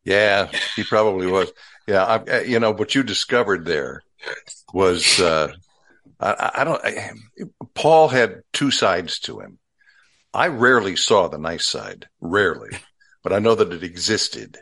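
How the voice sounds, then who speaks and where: An older man hosting a relaxed interview, telling wry stories with rambling asides. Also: deep voice, unhurried. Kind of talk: casual conversational interview.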